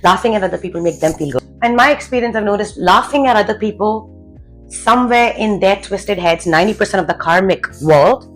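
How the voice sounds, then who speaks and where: A woman confidence coach speaks briskly at a medium pitch with lively intonation, unleashing a profane, blunt motivational rant to camera packed with rhetorical questions. The recording is rough, with soft background music.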